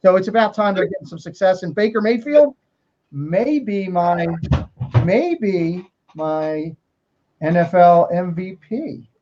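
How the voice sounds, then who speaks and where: A man's voice: high-pitched, animated, takes it slowly. A man co-hosting a livestream in casual chat, talking easily and reading viewer comments aloud. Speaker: livestream co-host. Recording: muffled lo-fi stream audio.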